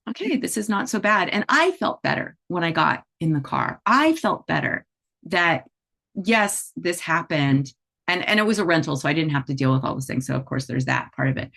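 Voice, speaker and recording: This animal Reiki teacher has a low but fairly bright voice with vocal fry. She teaches conversationally in a chatty manner, sprinkling in frequent "you know" and "right?" asides.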